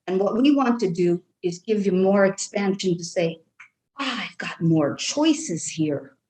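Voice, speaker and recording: A woman speaking as a trance channel with an Irish brogue, talking slowly and soothingly for a group of guides. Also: medium pitch, a little mellow, rough recording.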